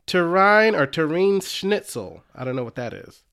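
A man's voice: fairly high pitch, very animated, moderate pace, vocal fry, a bit bright. A young man co-hosting a podcast in casual chat, laughing often and poking fun at himself. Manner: laughs often, self-deprecating, spells out words. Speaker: podcast co-host.

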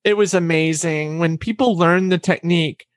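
A woman guest in a casual interview, telling quick anecdotes with a trained, deliberately raised voice and acting out what others said. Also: fairly low pitch, no room sound, clean studio sound. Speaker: interview guest, former announcer and vocal coach.

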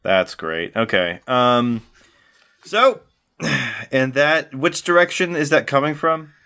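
A man taking part as a player in a tabletop game, joking and thinking aloud with halting speech. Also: medium pitch, lively intonation, bright, forceful tone. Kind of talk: casual chat.

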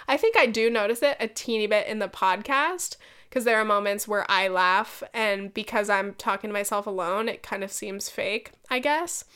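A woman's voice: medium pitch, normal speed, a bit bright, clean tone. A young woman hosting a solo podcast, chatting casually with lots of fillers, swearing and laughing often. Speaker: podcast host.

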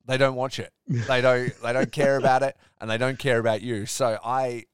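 A man's voice: medium pitch, little pitch movement, normal speed, smooth, no room sound, clean studio sound. A man co-hosting a podcast, ranting animatedly and swearing in casual chat. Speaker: podcast co-host.

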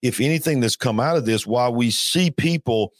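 A man's voice: mid-range voice, fairly quick, no room sound, studio quality. A man hosting a faith call-in show, talking earnestly and emphatically, with frequent restarts. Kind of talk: preaching-style call-in talk.

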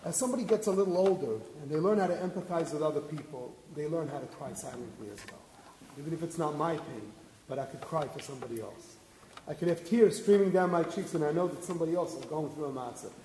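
High-pitched man preaching in an echoey hall. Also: fast, mellow. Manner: earnest, explains with rhetorical questions and Hebrew quotes. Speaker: rabbi giving a Torah talk. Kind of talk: sermon. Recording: echoey hall with faint noise.

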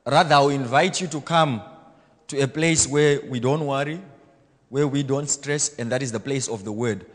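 A man pastor preaching a blunt, self-assured sermon, swinging between loud exhortation and quiet asides. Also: medium pitch, moderate pace, long reverb tail. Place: church hall.

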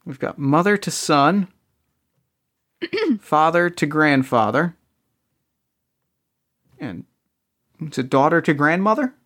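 Player working thru a puzzle out loud, lots of restarts, jokey about themselves. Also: medium pitch, sing-song, slow, long pauses. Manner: restless restarts, self-mocking. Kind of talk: casual game play, thinking aloud.

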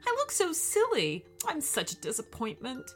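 A woman's voice: high voice, wildly swooping pitch, moderate pace, soft background music, voice pushed up. A woman voicing a tearful, self-doubting young woman superhero in a storybook reading, apologetic and gushing. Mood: upset.

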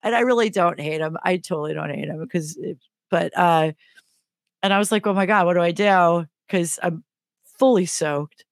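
This lower-pitched woman speaks at a moderate pace, captured in a dry, clean studio recording. She's a middle-aged podcast co-host sharing an amusing story in relaxed fashion, lively as she performs each character's voice.

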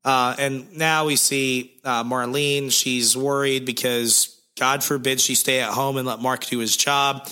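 Bright-voiced man, slightly hoarse. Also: mid-range voice, steady tone, a little slow, hardly any pauses. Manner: laid-back, sarcastic, swears casually. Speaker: podcast co-host recapping comics. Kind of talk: casual chat.

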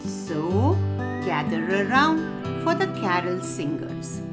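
A woman hosting a children's story podcast, narrating with a gentle, expressive read-aloud delivery. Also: fairly low pitch, slow, over loud music.

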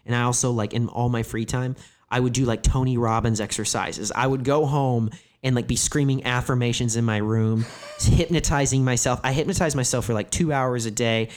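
A man's voice: medium pitch, fairly even intonation, moderate pace, a little mellow. A man in his thirties, a comedian, telling candid stories in conversation, rambling and leaning hard on "like", with frequent swearing. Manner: rambling, filler-heavy "like" phrasing, profane. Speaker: comedian guest.

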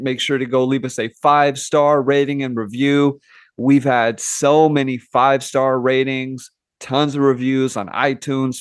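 A man's voice: medium pitch, clear, resonant tone, dry recording, studio quality. A man hosting a podcast in casual chat, easygoing and upbeat as he wraps up and thanks listeners. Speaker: podcast host.

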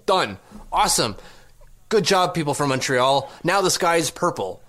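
A man hosts a casual sports podcast. He rants with sarcastic, exasperated rhetorical questions, in a fairly high voice. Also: big pitch swings, moderate pace, a bit bright. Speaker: podcast host.

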